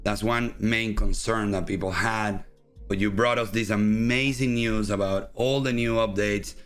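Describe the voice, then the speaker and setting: A man's voice: fairly low pitch, fairly even intonation, measured pace, a bit bright, smooth, soft background music. A man with a Spanish accent, a native Spanish speaker, hosting a casual livestream interview in a loose, chatty way full of fillers. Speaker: host.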